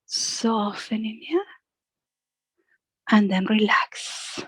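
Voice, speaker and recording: A woman guiding a yoga class with soft, slow cues and a frequent questioning "yeah?", speaking English as a second language. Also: a little high, dry recording, rough recording. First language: Spanish. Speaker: yoga instructor.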